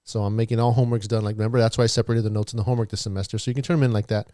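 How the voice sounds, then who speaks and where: A man's voice: on the low side, fairly even intonation, rapid-fire, warm tone, no echo, clean studio sound. A man teaching a math class online, chatty and walking students through each step aloud.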